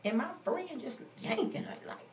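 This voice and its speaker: A woman's voice: sits high, expressive, moderate pace, darkish tone, a little hiss or hum. A woman in her forties telling a story in a casual, blunt and profane rant. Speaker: vlogger.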